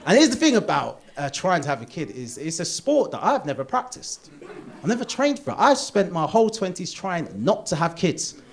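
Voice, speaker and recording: A man's voice: high-pitched, moderate pace. A man in his thirties doing a stand-up comedy routine on a theatre stage, telling a personal story and acting out the people in it. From England. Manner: animated storytelling, acts out doctor and himself in quotes. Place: theatre stage before a live audience.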